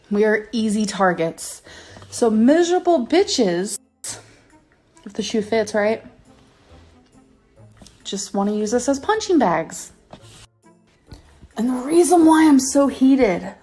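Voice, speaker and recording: A woman's voice: a little high, darkish tone. A woman in her thirties ranting angrily to camera in a vlog, swearing and stressing her words. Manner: angry, profane, emphatic rant. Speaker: YouTuber.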